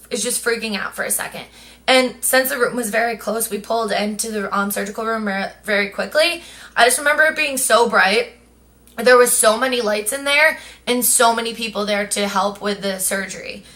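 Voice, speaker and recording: A woman's voice: fairly high pitch, normal speed. A young woman vlogger telling a personal story in a chatty way, acting out what others said. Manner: chatty, animated quoting of others. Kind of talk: casual storytelling.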